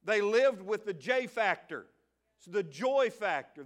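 His voice sits high and he speaks slowly, with a Southern US accent, as he leads a lively sermon as pastor. Soft asides and jokes give way to rising, shouted praise.

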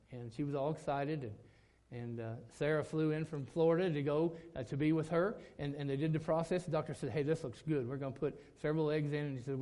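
A middle-aged man, a pastor preaching a sermon, telling a story that climbs to loud, emphatic peaks. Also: fairly high pitch.

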